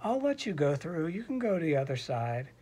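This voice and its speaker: A man's voice: fairly high pitch, big pitch swings, a little fast, darkish tone, a little hiss or hum. A man voicing a tired, depressed troll who grumbles drowsily in a storybook tale. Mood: weary. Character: sleepy, depressed grumpy male troll.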